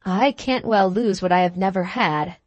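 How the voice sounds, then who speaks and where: A woman's voice: mid-range voice, moderate pace, dry recording, dull audio, natural voice. A woman reading as a bitter, mocking young medical student. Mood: sardonic. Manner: harsh, mocking, sarcastic. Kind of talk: audiobook character reading.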